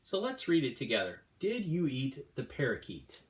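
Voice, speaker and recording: A middle-aged man teaching kindergarten, reading a storybook aloud in an animated, sing-song way. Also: medium pitch, normal speed. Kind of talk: storytime lesson for young children.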